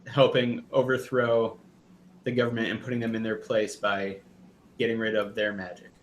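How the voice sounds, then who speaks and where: A man voicing an earnest male rebel magic-user leader who speaks haltingly. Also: on the low side, a bit bright, a little hiss or hum, low-quality recording.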